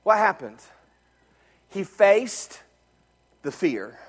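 A man with a strikingly high voice preaches to his church, telling a story and swinging from loud bursts to near-whispers. His voice rings out with the long reverb of a large hall. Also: very animated, very slow. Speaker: pastor. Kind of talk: sermon.

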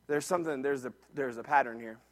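A male pastor preaching a sermon, building in intensity and sometimes shouting to the congregation. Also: mid-range voice, quick pace. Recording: long hall reverb.

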